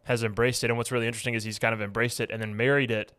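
A man's voice: mid-range voice, little pitch movement, rapid-fire, fairly bright tone, dry recording. Joking man hosting a dry studio podcast. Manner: joking, self-deprecating banter. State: sweaty after a day at practice. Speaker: podcast host. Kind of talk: casual sports podcast chat.

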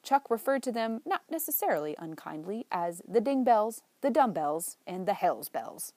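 A woman narrating a novel in a measured, lightly wry storytelling manner. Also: mid-range voice, sing-song, warm tone, no room sound. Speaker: audiobook narrator. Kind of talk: scripted narration.

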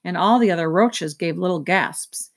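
A woman reading a children's novel aloud, in a steady storytelling manner. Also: lowish voice, moderate pace. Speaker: reader. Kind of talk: children's book read-aloud.

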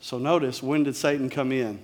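A male pastor preaching a sermon in an emphatic, conversational way, dropping to quiet lows. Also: fairly even intonation, moderate pace.

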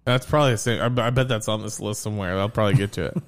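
A man's voice: lowish voice, racing. A man in his thirties co-hosting a casual podcast, telling jokey stories, swearing loosely and laughing often. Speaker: podcast co-host. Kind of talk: casual chat.

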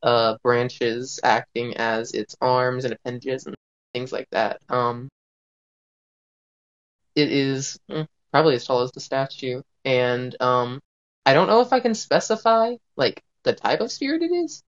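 A tabletop game player who describes their actions hesitantly and often pauses to search for words. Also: medium pitch, dull audio.

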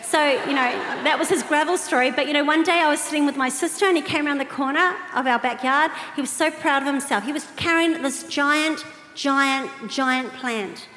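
Woman preacher, high voice, lively sermon with joking asides, church hall with long reverb. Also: a little fast. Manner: lively, chatty, playful asides to the congregation. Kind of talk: sermon with humorous anecdotes. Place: large church auditorium.

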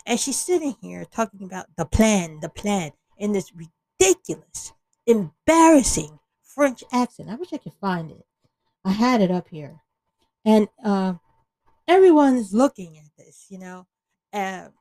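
A woman's voice: medium pitch, dark tone, dry recording, low-quality recording. A woman hosting an opinion podcast, talking bluntly and with exasperation, often restarting her sentences. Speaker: podcast host.

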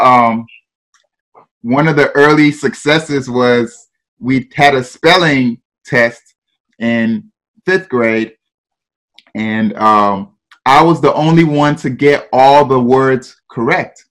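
A man's voice: medium pitch, fairly bright tone. A man from Ghana with a Ghanaian accent, a guest telling his life story in an interview, laughing often and checking in with "right?" and "you know".

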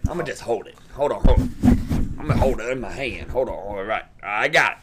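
A man co-hosting an improvised comedy bit, quick to get worked up and complain. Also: mid-range voice, expressive. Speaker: comedy co-host.

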